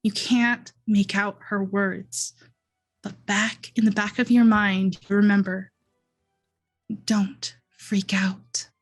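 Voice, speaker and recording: A woman game master narrates a dream sequence at a very slow, deliberate pace, in second person. Her voice is mid-pitched, with faint music playing beneath it. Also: steady tone, poor audio.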